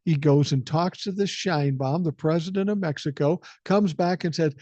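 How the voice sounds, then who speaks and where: A man's voice: a little high, normal speed, hardly any pauses, mellow, dry recording, muffled recording. An older man hosting a podcast, talking politics in a blunt, indignant, profane way. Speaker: podcast host. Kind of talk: casual political chat.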